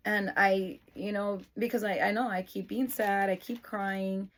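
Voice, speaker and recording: A middle-aged mother of an autistic son explains her parenting routine in a casual vlog style. Her medium-pitched voice is unhurried, and she is earnest and emotional, sometimes slipping into an excited praise voice.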